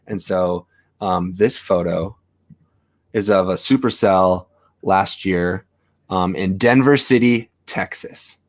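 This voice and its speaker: A man co-hosting a camera shop chat on a video call, relaxed and rambling with plenty of fillers. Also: sits low, slow.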